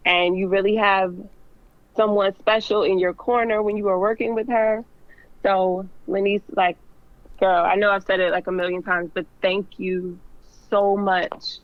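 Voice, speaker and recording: A woman's voice: mid-range voice, flat delivery, a little slow. A woman fashion designer speaks earnestly and from the heart, with frequent "like"s and "um"s. She is on a remote call, so her voice comes through dull and muffled. The sound is dry and close, with no room echo. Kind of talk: casual interview chat.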